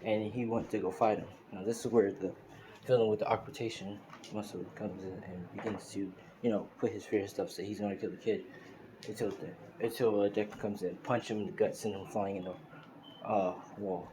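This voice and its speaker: A man's voice: fairly low pitch, fairly even intonation, a little fast. Rambling man retelling a fan story. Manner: loose, filler-heavy retelling. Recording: noisy screen-recorded phone audio.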